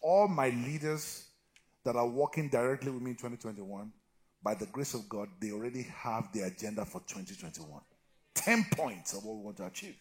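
A middle-aged man preaching a sermon as pastor, swinging from loud shouted exhortation to low, quiet talk and calling for amens from the congregation. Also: expressive, fairly quick. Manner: calls for amens and answers from the congregation.

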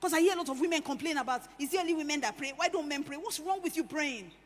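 A woman preaching a sermon, animated, swinging between hushed lines and loud emphatic ones. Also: high-pitched, fast talker. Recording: echoey hall with faint ambience.

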